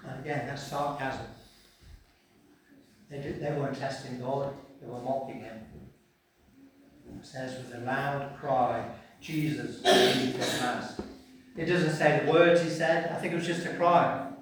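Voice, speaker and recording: A man preaching a sermon and reading scripture, swinging between hushed and loud delivery. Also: medium pitch, fairly even intonation, unhurried, pauses often, slight background noise. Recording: echoey hall picked up from a distance.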